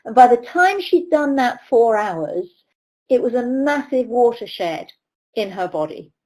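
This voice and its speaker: A middle-aged British riding coach speaks in a webinar lecture. She tells stories in a mid-pitched voice and slips into the voices of the people she quotes. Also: darkish tone, rough recording. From United Kingdom. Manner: storytelling, acts out quoted voices.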